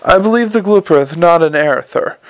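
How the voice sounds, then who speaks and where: Brief: man plays gloomy male servant, low, polite, gravelly. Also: expressive, fairly quick, dry recording.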